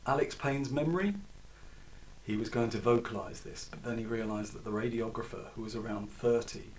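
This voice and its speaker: A man's voice: mid-range voice, moderate pace, a little hiss or hum. A man reading his own novel aloud with wry, chatty asides. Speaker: author reading own book. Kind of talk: audiobook narration. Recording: distant mic.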